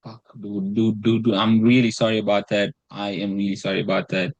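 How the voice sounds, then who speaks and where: A man's voice: fairly low pitch, completely flat delivery, fairly quick, no room sound, muffled recording. A man casually talking through his week's trades, rambling and self-deprecating, swearing and restarting his phrases. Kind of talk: casual screen-recorded trading breakdown.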